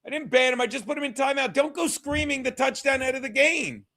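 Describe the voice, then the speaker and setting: A man with a fairly high voice hosts a casual live stream of a football game. He talks straight to his chat, laughing, swearing and now and then yelling at a viewer. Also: brisk. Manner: loud, swears freely, shouts at chat, laughs often.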